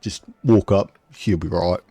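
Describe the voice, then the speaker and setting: A man playing a tabletop role-playing game in a slow, easygoing drawl. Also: sits low, dark tone, slightly rough, no echo. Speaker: player. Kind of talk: casual tabletop role-play.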